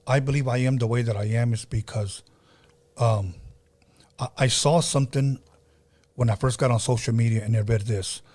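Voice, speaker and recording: A man's voice: mid-range voice, fairly even intonation, normal speed, long pauses, darkish tone. A man hosting a podcast, speaking earnestly and reflectively, with frequent restarts. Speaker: podcast host. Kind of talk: casual podcast talk.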